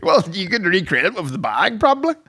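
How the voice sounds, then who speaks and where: Male co-host, higher voice, animated, amused reactions. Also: fairly quick, slight background noise. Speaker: podcast co-host. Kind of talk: casual banter.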